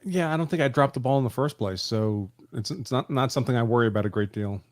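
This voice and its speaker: A man appearing as a guest legal analyst, speaking in measured, precise terms in a casual chat. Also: medium pitch.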